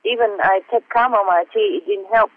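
A man's voice: high voice, steady tone, dry recording. Man with a tinny phone-line sound. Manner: halting, hesitant, with frequent fillers and self-mocking laughs; earnest, heartfelt. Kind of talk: reading aloud from personal diary notes.

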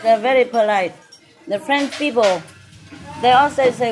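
A restaurant's owner hosts a relaxed dinner conversation, speaking in a slightly high voice at an unhurried pace. She jokes and laughs a lot in non-native English with bits of French; faint music, a faint crowd, and clinking dishes come through the noisy dining room.

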